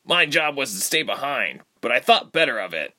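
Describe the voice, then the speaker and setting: A man's voice: medium pitch, sing-song, normal speed, sharp tone, voice pushed up. A man doing a bitter young lightning soldier.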